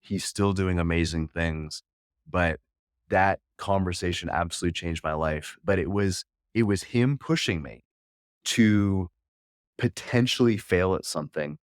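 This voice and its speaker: Man, forties, very low voice, earnest, candid, podcast guest, dry sound. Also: measured pace, smooth, dry recording. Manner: earnest and candid, with frequent restarts. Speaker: podcast guest, wealth management coach. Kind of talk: candid personal storytelling.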